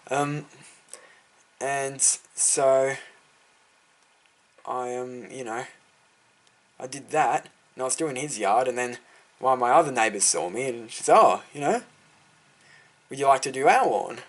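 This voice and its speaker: In a relaxed vlog, a teenage Australian boy describes how he got his lawn care business going, drifting off topic and leaning on fillers. His medium-pitched voice has lively intonation, and he talks unhurriedly, pausing often.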